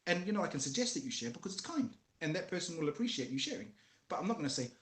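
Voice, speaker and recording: A man's voice: a little high, very animated, rapid-fire, reverberant. A man talking earnestly about fatherhood as a guest, telling stories from family life. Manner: earnest, storytelling, acts out voices of his kids. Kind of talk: casual conversation about fatherhood.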